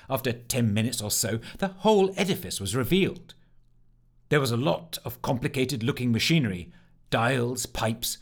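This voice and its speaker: A man narrating a storybook with an expressive, animated reading. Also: medium pitch.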